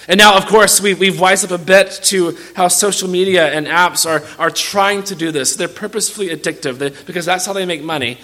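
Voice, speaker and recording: A male pastor preaching a sermon in a bright, forceful, tense voice that sits a little high. He speaks earnestly and directly to his listeners, and he often restarts a phrase by repeating a word. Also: expressive, fairly quick.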